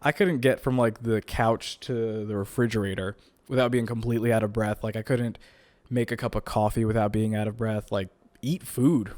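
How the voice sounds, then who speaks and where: A man's voice: lowish voice, steady tone, normal speed, darkish tone, dry recording. A young man hosting his own podcast at home, chatting casually and joking with lots of filler words while still tired and a bit out of breath. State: tired and a bit winded after illness. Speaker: podcast host. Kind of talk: casual solo podcast monologue. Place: home recording setup.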